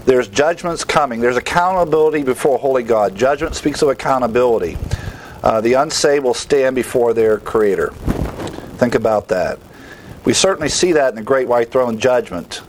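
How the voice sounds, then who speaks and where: Man, Bible teacher, emphatic, explanatory, mid-pitched voice, quick verse citations. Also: animated, a little hiss or hum, poor audio.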